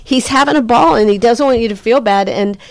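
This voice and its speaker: Woman medium chatting, lively, jumps into excited voices, lots of ums and sorrys, dry close mic. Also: fairly high pitch, a little fast, no room sound. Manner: animated, breaks into excited quoted voices of the spirit, frequent fillers and apologies. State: says she has a headache. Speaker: psychic medium. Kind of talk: psychic reading in conversation.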